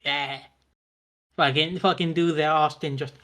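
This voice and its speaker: A man's voice: on the high side, fairly even intonation, a little slow, fairly bright tone. Guy cohosting, teasing and sweary, mock outrage, casual banter. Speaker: podcast co-host. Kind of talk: casual podcast chat.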